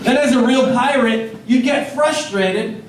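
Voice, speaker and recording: A man's voice: extremely high pitch, unhurried, a crowd in the background. A man performing a stand-up comedy set on a club stage, talking in a rambling, conversational way with many likes and uhs. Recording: echoey club, distant mic.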